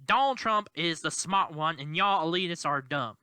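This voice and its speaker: A man's voice: on the high side, expressive, moderate pace, bright, forceful tone, clean tone, dry recording. A man doing a mocking, put-on Southern accent as he voices a sneering pundit.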